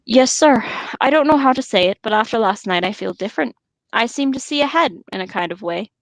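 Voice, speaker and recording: A woman voicing an earnest, loyal young male hobbit servant with halting, humble speech. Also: a little high, expressive, no echo, low-quality recording.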